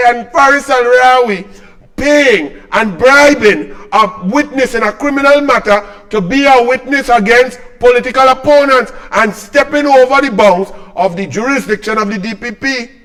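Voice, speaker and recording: A man with a Trinidadian accent and a strikingly high voice rants about politics, heaping on scorn and sarcasm. He talks like a combative commentator speaking straight to his audience. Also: fairly bright tone. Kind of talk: political rant to camera.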